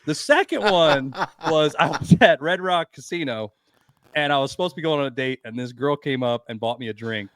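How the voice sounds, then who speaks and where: A man's voice: fairly high pitch, fairly quick, fairly bright tone, no room sound. A middle-aged man on a podcast, telling crude stories in casual chat and acting out the voices of the people in them. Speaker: podcast guest.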